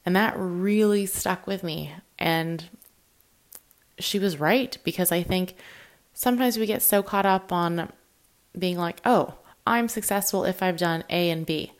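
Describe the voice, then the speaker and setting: A young self-employed woman talking candidly and emotionally about her work and feelings in a personal vlog, now and then acting out what others say in lively voices. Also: lowish voice, measured pace. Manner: emotional, confessional, quotes people in animated voices. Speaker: self-employed social media creator.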